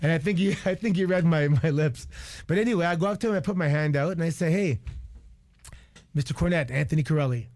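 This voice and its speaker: Guy in his 40s from canada, fairly high voice, swears a lot telling his story, dry close sound. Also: fast talker, a little mellow, dry recording. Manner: candid and profane, lots of restarts and quoted asides. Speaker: guest, retired wrestler. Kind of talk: animated storytelling on a radio show. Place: radio studio.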